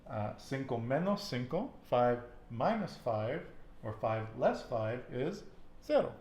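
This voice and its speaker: A man's voice: mid-range voice, big pitch swings, slow pace, darkish tone, roomy sound. A man teaching a casual language lesson, patiently asking questions and repeating his student's answers with encouragement. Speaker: Spanish teacher.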